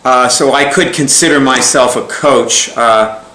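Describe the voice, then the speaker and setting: A man tells a story in a casual, rambling way, with a bright, forceful tone. He chuckles often and restarts his sentences as he goes. The sound rings in a roomy, echoey space. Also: medium pitch, measured pace. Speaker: speaker recounting a client story. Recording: echoey room.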